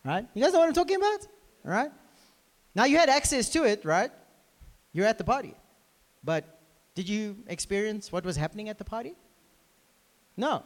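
A man preaching a lively sermon to a congregation in a crowded hall, talking with them conversationally. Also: high voice, normal speed, long pauses. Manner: animated, conversational, talks to the congregation. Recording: reverberant hall.

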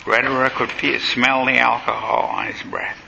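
A man's voice: mid-range voice, little pitch movement, moderate pace, gravelly, muffled recording, noisy background. A man giving a dramatic history lecture, telling the story vividly and acting out the quotes.

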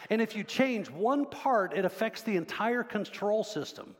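Pastor guy preaching, high voice, chatty, keeps asking the crowd stuff, big church reverb. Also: lively intonation, normal speed. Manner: conversational, quizzes the congregation. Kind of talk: sermon. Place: church sanctuary.

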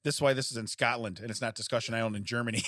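A man's voice: mid-range voice, fast talker, sharp tone, dry recording, clean studio sound. A man co-hosting a podcast in casual comedic banter, laughing often and reading out trivia facts. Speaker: podcast co-host.

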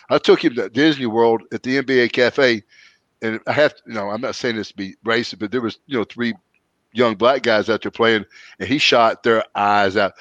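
A man's voice: mid-range voice, dry recording. Man, podcast host, folksy rambling storyteller, dry and dull lo-fi audio. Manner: folksy, rambling storyteller with lively quoted voices. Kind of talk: casual chat, storytelling.

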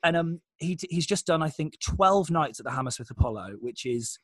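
Guy talking fast and rambly, bit higher voice, dry close sound. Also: animated, slightly rough, no echo. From Britain. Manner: quick, self-deprecating storytelling with lots of fillers. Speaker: comedian and guest. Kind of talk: casual podcast chat.

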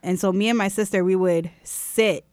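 A woman's voice: medium pitch, fairly even intonation, normal speed, darkish tone, no echo, clean studio sound. A young woman co-hosting a podcast, telling personal stories in a wry, jaded, casual way. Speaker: podcast co-host. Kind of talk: casual chat, storytelling.

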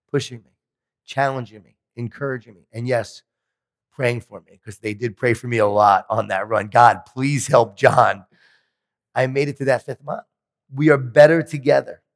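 A man giving a motivational keynote speech at a conference, telling animated stories with self-deprecating humor. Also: medium pitch. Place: large conference hall. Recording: long hall reverb.

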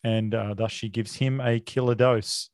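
A man co-hosting a podcast walks through a film's plot in a loose, chatty way, dropping filler uhs and casual swearing as he goes. His voice sits at an ordinary pitch and sounds dry and close to the mic. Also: fairly even intonation, unhurried, a little mellow, no room sound. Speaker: podcast co-host.

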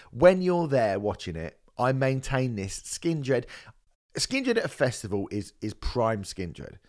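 A man hosts a relaxed music podcast, his voice swinging up and down as he tells gig stories. He talks fast and animated, dropping casual swears along the way. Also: lowish voice. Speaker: podcast host.

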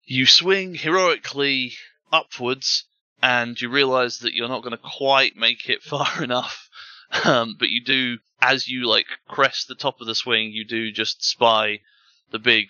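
A man's voice: medium pitch, steady tone, measured pace, pushed and bright, clear, resonant tone, no room sound, lo-fi sound. A man narrating as game master of a tabletop game, rambling with fillers and restarts.

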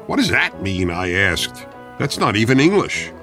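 Otto, a cheerful dog, as a man reads him. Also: on the low side. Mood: chipper. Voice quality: flat, unvaried reading voice. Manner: reads words evenly, no pauses or voice changes. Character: cheerful young male dog narrating. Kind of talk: children's storybook reading. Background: background music.

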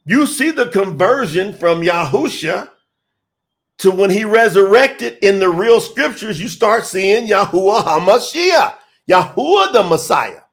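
A man's voice: sits high, expressive, unhurried. A man preaching in an informal, emphatic style, firing rhetorical questions at his listeners. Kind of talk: informal sermon.

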